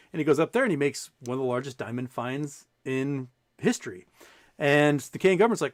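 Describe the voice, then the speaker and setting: A man's voice: mid-range voice, fast, no room sound. A man hosting a podcast, telling a long story in casual chat and acting out the people in it, with many restarts. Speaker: podcast host.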